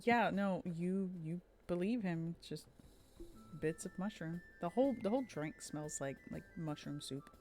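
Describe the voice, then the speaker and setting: A woman running a tabletop game as game master, with a lowish voice. She narrates hesitantly, with many fillers, and giggles often. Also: expressive, normal speed, darkish tone, faint music behind.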